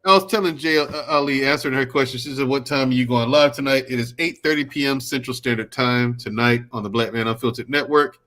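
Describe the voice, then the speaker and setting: A man on a casual livestream panel, teasing the others loudly and repeating his lines. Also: medium pitch, fairly even intonation, fast, few pauses. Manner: loud teasing, repeats phrases.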